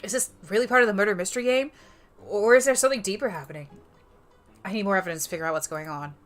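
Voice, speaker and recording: A woman reading a quiet, thoughtful young male detective in a soft, lowered voice. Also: racing, soft background music, lightly acted. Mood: pondering.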